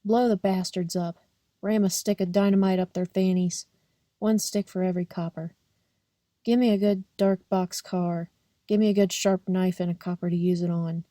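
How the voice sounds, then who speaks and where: An old male hobo shouting wild threats about the police, read aloud by a woman. The voice is mellow and soft-edged rather than sharp. The recording is close and dry, like a storybook reading. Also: lowish voice, steady tone, moderate pace, dry recording, close to an everyday voice. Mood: raging.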